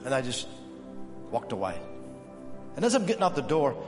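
Male pastor, sermon storyteller, mid pitch, big reverberant hall, soft music bed. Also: brisk, pauses often. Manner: storytelling, animated quoted voices. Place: church sanctuary. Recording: echoey hall with music behind.

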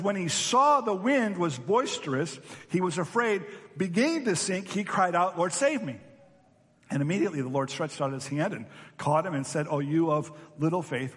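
A man's voice: on the high side, a bit bright, husky, big-room sound. A man preaching a sermon as pastor, telling stories animatedly and acting out voices.

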